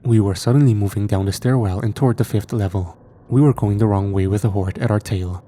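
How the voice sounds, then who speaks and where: A man narrating a first-person horror story in a measured, steady way. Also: on the low side, a little hiss or hum.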